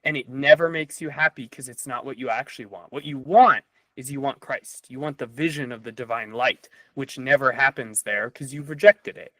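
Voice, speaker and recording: A man on a casual podcast, telling a story with lively delivery and plenty of fillers. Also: medium pitch, moderate pace, dry recording, rough recording. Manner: animated storyteller with frequent fillers. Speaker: podcast guest or host.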